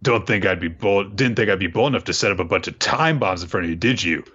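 Casting: man putting on a scornful young mage, low and forceful, a bit lo-fi. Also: lively intonation, quick pace, husky, exaggerated voice. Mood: taunting. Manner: scornful, blunt, swearing. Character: spiteful hot-headed young male mage.

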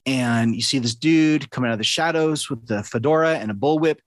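A man's voice: mid-range voice, fairly quick, no echo. Middle-aged guy hosting a podcast, earnest and chatty, dry close sound. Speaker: podcast host. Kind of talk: casual podcast chat.

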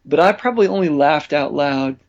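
A man being interviewed as a songwriter guest, talking in a relaxed, chatty way and laughing easily. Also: on the high side, fairly quick, highs cut off. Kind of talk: casual interview chat.

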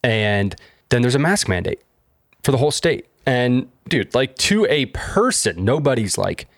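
A young man co-hosting a casual podcast, animated and exasperated, swearing freely. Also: medium pitch, measured pace, no room sound, studio quality. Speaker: podcast co-host. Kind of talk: casual chat.

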